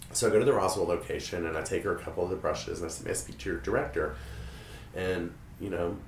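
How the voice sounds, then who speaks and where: A man with a lowish voice tells a story with animated energy. He brings the people in it to life with quoted voices. He sounds a little away from the mic in a roomy space with faint ambience. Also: fast talker, a little hiss or hum. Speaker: hairstylist and guest storyteller. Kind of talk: casual storytelling chat. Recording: roomy, a bit distant, faint room ambience.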